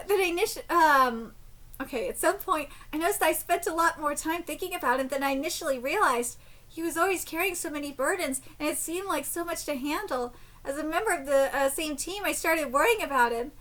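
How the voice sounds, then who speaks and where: A woman live-streaming a manga reaction. She reads translated lines aloud in a quieter voice and breaks into shrieks, laughter and casual swearing as she reacts. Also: sits high, a little fast.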